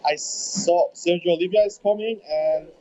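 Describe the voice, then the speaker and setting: German man in his twenties, non-native English, halting repeats, fairly high voice, dull lo-fi sound. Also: mellow, slight background noise. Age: 20s. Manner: halting, repeats words while searching for English. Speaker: bodybuilder guest. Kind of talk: casual interview chat. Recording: dull lo-fi remote audio.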